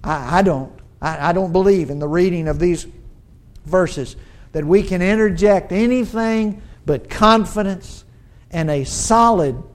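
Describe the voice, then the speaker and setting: High-pitched, the pastor works toward his point in a sermon, frequently restarting and repeating words, pausing for emphasis and climbing to urgent, rising lines.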